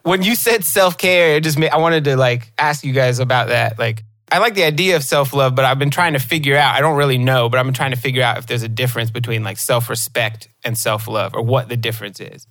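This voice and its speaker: A man guesting on a loose podcast chat speaks quickly and rambles as he thinks aloud. His voice sounds dry and close to the mic, at a middle pitch. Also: fairly bright tone, dry recording.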